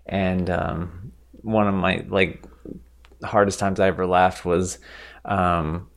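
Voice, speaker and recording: A man's voice: low-pitched, level tone, slow pace. A man co-hosting a film review podcast, telling rambling personal stories in casual chat. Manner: rambling storyteller with many fillers. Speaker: podcast co-host.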